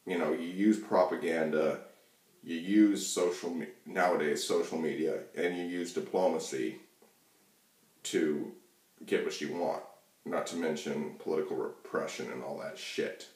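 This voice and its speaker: Man, very deep voice, rambling profane political rant, roomy echo, distant mic. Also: steady tone, a little slow, a little mellow. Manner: rambling, profane, many fillers and restarts. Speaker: channel host. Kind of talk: casual political rant to camera. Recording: echoey room, mic far off.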